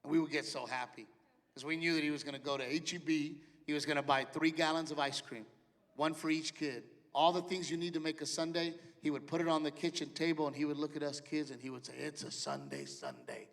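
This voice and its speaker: A middle-aged man doing a stand-up set, loud and punchy, with sudden shouted punchlines. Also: fairly high pitch, fairly even intonation, fast talker. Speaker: stand-up comedian. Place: large theater stage. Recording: live theater with long reverb and faint ambience.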